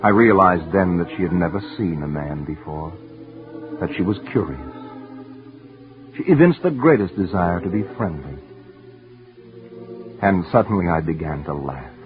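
A man giving earnest, intense first-person dramatic narration for a radio story, sometimes dropping to hushed tones. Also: sits low, animated, normal speed, pauses often. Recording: tinny old radio broadcast with faint music.

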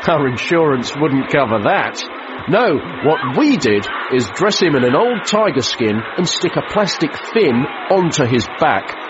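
A man's voice: on the high side, sing-song, unhurried, muffled recording, background noise. Man doing a chirpy 1950s studio presenter. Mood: boastful. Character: 1950s male film studio presenter, jaunty and boastful. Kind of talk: mock 1950s newsreel presenting.

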